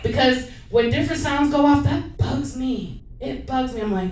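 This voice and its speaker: Woman stand-up, open mic, profane and rambling, slightly high voice, echoey distant club sound. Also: lively intonation, normal speed, a little mellow, a little hiss or hum. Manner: profane, rambling, self-mocking. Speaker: stand-up comic.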